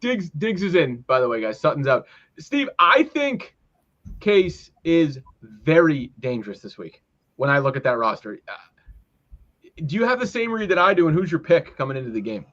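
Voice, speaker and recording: A man's voice: a little high, big pitch swings, normal speed, a bit bright, lo-fi sound. A man co-hosting a casual fantasy football podcast, teasing and quizzing the others. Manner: teasing, asks others questions. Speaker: podcast co-host.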